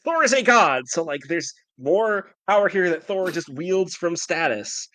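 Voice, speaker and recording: A man co-hosting a podcast, talking about comics in an animated, sarcastic way with lots of "like.". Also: high voice, unhurried, dry recording. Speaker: podcast co-host. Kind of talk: casual comic book discussion.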